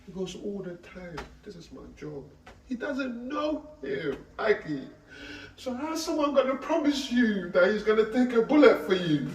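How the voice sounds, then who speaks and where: A man's voice: high voice, big pitch swings, moderate pace. A man tells an emotional street talk, intense and repetitive, pleading with listeners he calls Aki. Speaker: speaker recounting a friend's death. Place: outdoors on a street. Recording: echoey, distant, faint ambience.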